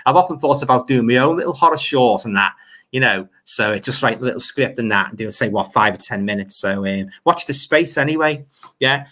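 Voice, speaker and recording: A bright, forward-sounding man with a Liverpool accent, chatting loosely on a livestream. He rambles and repeats words as he replies to viewer comments, keeping an easygoing, conversational flow. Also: medium pitch, expressive, fairly quick. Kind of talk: casual livestream chat.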